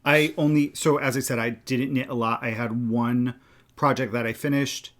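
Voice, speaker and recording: A man's voice: mid-range voice, fairly even intonation, moderate pace. A man co-hosting a knitting podcast, friendly, passing along tips in an easy conversational flow. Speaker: podcast co-host. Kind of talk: casual chat.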